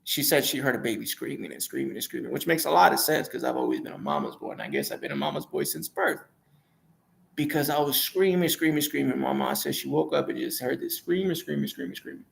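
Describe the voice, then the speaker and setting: A man's voice: medium pitch, very animated, quick pace, gravelly, a little hiss or hum. A man casually telling his own life story in a rambling, hesitant way, often repeating and correcting himself.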